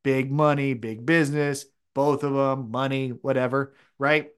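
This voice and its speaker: A man's voice: mid-range voice, flat delivery, measured pace, clear, resonant tone. A man co-hosting a casual wrestling chat podcast, rambling and opinionated as he talks things through. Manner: rambling, opinionated, restarts often. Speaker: podcast co-host.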